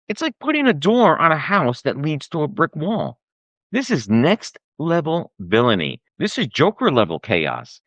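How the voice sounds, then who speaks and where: A man's voice: on the high side, a bit bright, no echo. A man hosting a podcast, delivering an exasperated, sarcastic and profane comedic rant. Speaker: podcast host.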